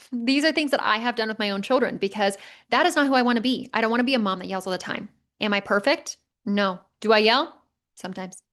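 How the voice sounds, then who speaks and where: Emphatic motivational woman podcaster. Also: on the high side. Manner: emphatic, conversational, mild swearing. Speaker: podcast host. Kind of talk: casual motivational podcast monologue.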